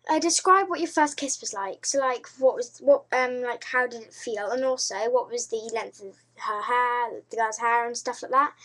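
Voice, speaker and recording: Giddy high-voiced British girl. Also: fairly bright tone. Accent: British English. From Britain. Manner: giddy, rambling, restarts a lot. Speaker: video blogger. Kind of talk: casual video response.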